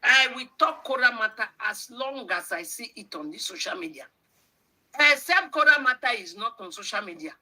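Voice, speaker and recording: Nigerian woman ranting on her livestream, very bright sharp voice, keeps firing questions at viewers. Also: fairly high pitch, lively intonation, normal speed, poor audio. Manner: scolding, rhetorical questions, mixes in pidgin. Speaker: livestream host. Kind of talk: livestream commentary.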